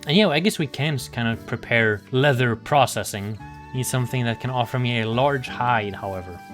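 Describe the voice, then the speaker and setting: A man's voice: mid-range voice, normal speed, fairly bright tone, soft background music. A young man talks his way through a survival game in casual commentary, muttering to himself. He swears freely and grumbles in exasperation when things go wrong. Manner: sing-song baby talk to animals. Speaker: gaming video creator.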